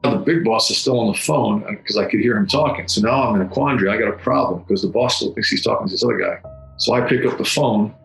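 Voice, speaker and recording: A middle-aged man giving solemn personal testimony, halting and often repeating his words. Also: fairly low pitch, gravelly, fairly bright tone. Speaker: former federal agent recounting a memory. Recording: echoey room with faint music.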